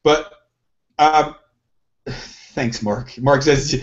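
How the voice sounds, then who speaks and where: A man's voice: fairly high pitch, animated, fairly quick. A man talking casually as a podcast co-host, rambling and questioning himself, with many restarts. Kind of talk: casual chat. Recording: lo-fi, dull sound.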